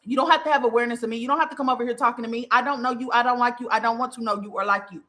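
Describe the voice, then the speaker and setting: A woman's voice: a little high, steady tone, rapid-fire, sharp tone. A woman podcast host giving a spiritual monologue, fiery and profane, repeating phrases for emphasis.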